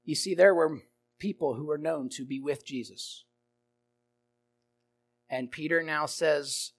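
A man's voice: a little high, takes it slowly, pauses often. A man preaching an expository sermon, emphatic, swelling and dropping in volume and repeating his phrases.

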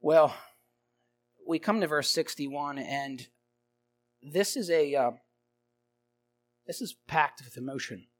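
A man's voice: on the high side, slow, long pauses. A man preaching an expository sermon, emphatic, swelling and dropping in volume and repeating his phrases.

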